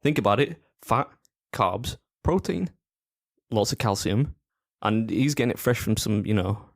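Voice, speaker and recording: A man's voice: fairly low pitch, animated, measured pace, vocal fry, dry recording. A young man co-hosts a podcast in a loose, rambling way, swearing casually and breaking into laughter. His voice sits close and dry on the mic, with no room around it. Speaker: podcast co-host. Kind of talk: casual chat.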